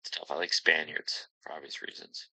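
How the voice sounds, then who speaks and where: A man's voice: very deep voice, flat delivery, moderate pace, vocal fry, pushed and bright, husky, no echo, poor audio. A man hosting a casual podcast, talking in a rambling, upbeat way with plenty of ums. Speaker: podcast host.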